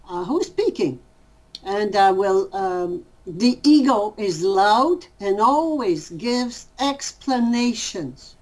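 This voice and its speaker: A woman answering interview questions in a thoughtful way, pausing often to rephrase her words. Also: a little high, a little mellow, rough recording.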